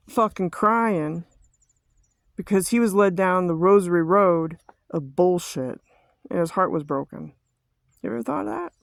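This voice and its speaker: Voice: mid-range voice, no room sound. Vlogger, mid-range voice, dead-dry recording; profane conspiracy rant full of stumbles and "have you ever thought of that". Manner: ranting, repetitive rhetorical questions, heavy swearing; halting restarts and stumbles.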